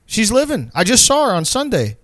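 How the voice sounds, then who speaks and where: A man's voice: high-pitched, wildly swooping pitch, brisk, a bit bright, no echo, studio quality. A young man telling a long, profane, rambling story in casual chat.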